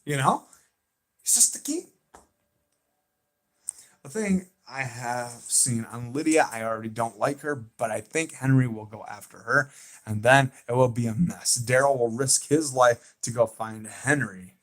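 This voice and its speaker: A man with a Southern accent hosting a livestream, chatting excitedly and emphatically with viewers, repeating his points. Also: mid-range voice, moderate pace. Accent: American Southern. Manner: excitable and emphatic, repeats himself, talks back to chat. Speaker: livestream host. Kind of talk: casual fan chat on a livestream.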